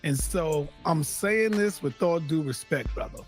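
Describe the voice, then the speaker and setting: Guy with a high voice hosting a live debate, keeps saying calm down brother. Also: a little slow, soft background music. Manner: repeatedly tells others to calm down, soothing but firm. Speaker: moderator of a live online debate show. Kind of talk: live online debate moderation.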